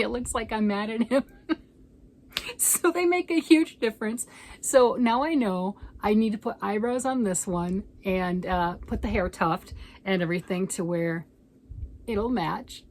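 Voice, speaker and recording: A woman vlogger in casual, rambling chat, showing off her craft projects and gushing over them. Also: medium pitch.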